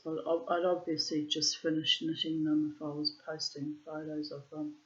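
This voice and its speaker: A woman's voice: sits low, little pitch movement, moderate pace, dull audio. A woman reading her old diary posts aloud and commenting on them bluntly, with frequent swearing.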